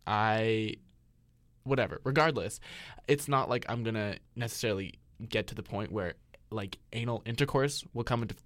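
Low-voiced young man, gushing. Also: moderate pace, a bit bright, no room sound. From Canada. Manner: giggly, gushing storyteller. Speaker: podcast co-host. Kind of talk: casual candid chat.

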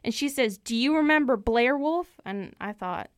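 Proud lone cowboy rancher, played by a woman, folksy and repetitive, higher voice, smooth tone, dry sound. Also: lively intonation, normal speed, dry recording, lightly acted. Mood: indignant folksy. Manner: folksy, repeats phrases for emphasis. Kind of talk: improvised comic storytelling.

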